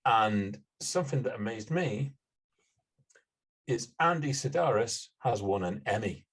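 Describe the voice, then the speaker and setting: A man's voice: medium pitch, animated, measured pace, fairly bright tone, slightly rough. A man hosting a casual film-review podcast, explaining with hedges and fillers. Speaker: podcast host.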